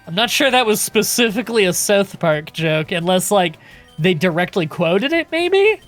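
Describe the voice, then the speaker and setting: A man's voice: high-pitched, normal speed, faint music behind. Laid-back man chatting on a game stream. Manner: relaxed and chatty, swears casually, answers chat questions. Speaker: streamer playing a game and reading chat. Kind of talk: casual live-stream chat.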